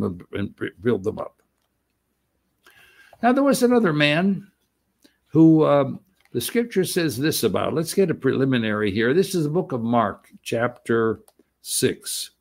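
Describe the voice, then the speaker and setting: A man with a gravelly, creaky voice preaching a sermon at an everyday pitch. He talks in a loose, conversational way and trips over his words now and then. When he reads scripture he slows down and leans on each word. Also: darkish tone. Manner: conversational preaching with frequent restarts and stumbles; reads scripture slowly and emphatically.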